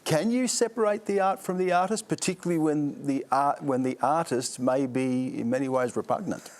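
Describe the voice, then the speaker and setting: A man's voice: fairly high pitch, moderate pace, a little mellow. A man hosting a panel discussion, asking probing, conversational questions. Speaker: host.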